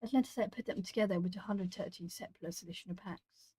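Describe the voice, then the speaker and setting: A woman's voice: mid-range voice, fast talker, warm tone, slightly rough. A woman with Portuguese as her hosts an art stream at home. She chats casually with viewers while she colours, musing aloud as she goes. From Brazil.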